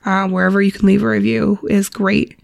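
A woman's voice: medium pitch, flat delivery, fairly quick, creaky, no room sound, studio quality. A woman co-hosting a podcast in casual chat, her voice ragged and nasal from congestion, talking in a rambling way. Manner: chatty, rambling, breaks into laughs. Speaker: podcast co-host.

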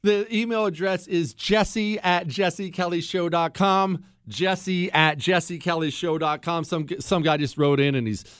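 A man's voice: fairly high pitch, a bit bright, clean tone, no echo, studio quality. A man hosting a talk radio show, speaking in a fiery, emphatic way and repeating lines for punch as he answers listener mail.

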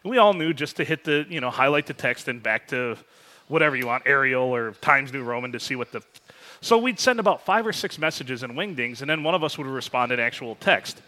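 Bright, lively-voiced man chatting. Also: medium pitch, brisk. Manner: rambling, joking storyteller who swears casually. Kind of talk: casual chat.

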